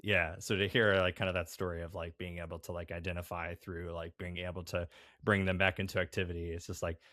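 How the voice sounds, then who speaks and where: Deep-voiced hedging male podcast host. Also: level tone, fast, sharp tone, dry recording, clean studio sound. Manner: hedging, heavy filler words. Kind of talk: casual interview chat.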